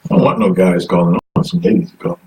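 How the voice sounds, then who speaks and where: A man's voice: sits low, animated, fast, a little mellow. A man hosting a live call-in stream, chatty and coaxing viewers to phone in while reading comments aloud. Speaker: host. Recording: distant mic, faint noise.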